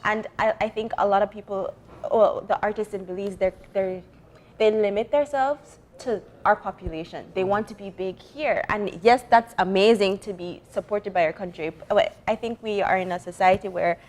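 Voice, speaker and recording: Woman, mid-pitched voice, thoughtful, searching for words. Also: normal speed. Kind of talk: studio conversation.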